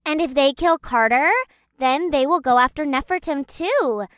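A woman voicing Becca, a feisty young woman who argues with sharp confidence in an audiobook. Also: sits high, normal speed, no echo, studio quality. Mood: impassioned. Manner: assertive, sharp.

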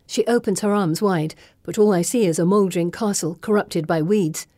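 Mellow woman narrating an audiobook. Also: mid-range voice, moderate pace, dry recording, clean studio sound. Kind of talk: scripted first-person audiobook narration.

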